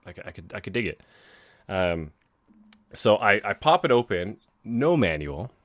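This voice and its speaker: A man's voice: lowish voice, big pitch swings, normal speed, a bit bright, dry recording. A young man co-hosting a video game podcast, chatting casually and rambling with lots of restarts. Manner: rambling, many fillers and restarts. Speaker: podcast co-host. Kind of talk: casual chat.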